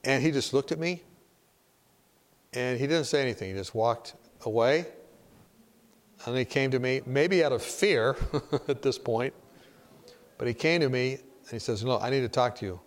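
A man's voice: medium pitch, measured pace, long pauses. A man preaching in a conversational way, telling stories and asking his listeners questions. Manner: direct, storytelling, asks the audience questions. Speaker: preacher teaching a class.

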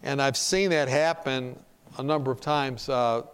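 A man's voice: medium pitch, measured pace, clean tone. A man preaching in a conversational way, telling stories and asking his listeners questions. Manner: direct, storytelling, asks the audience questions. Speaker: preacher teaching a class.

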